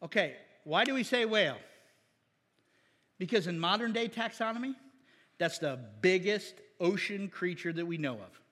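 High-voiced preacher in an echoing hall. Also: male voice, animated, normal speed, bright, forceful tone. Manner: folksy, asks the congregation questions. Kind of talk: conversational sermon. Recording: long hall reverb.

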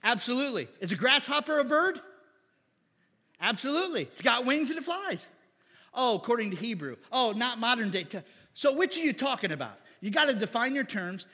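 A man preaches with a high, slightly husky voice. He jokes, fires off rhetorical questions and slips into mock voices. The sound carries the long echo of a church hall. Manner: animated, jokey, acts out mock voices and asks rhetorical questions. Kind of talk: sermon.

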